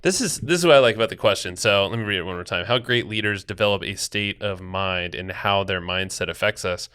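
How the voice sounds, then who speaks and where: Male podcast co-host, low pitch, bright crisp tone, loose rambling delivery. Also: a little fast. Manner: rambling, loose, lots of restarts and fillers. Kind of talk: casual podcast chat.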